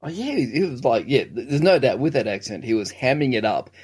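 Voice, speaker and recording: Dude riffing on a movie, keeps restarting words, sounds amused. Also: male voice, medium pitch, sing-song, fairly quick, a little mellow, slightly rough. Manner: stammering restarts, wry and incredulous. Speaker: film review podcast co-host. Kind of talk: casual chat.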